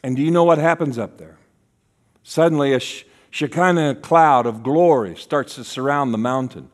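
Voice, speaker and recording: A man preaching a sermon as a guest speaker, acting out voices in his stories and dropping to a hush for key lines. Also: medium pitch, moderate pace. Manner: animated, acts out voices in quotes, drops to a hush for key lines.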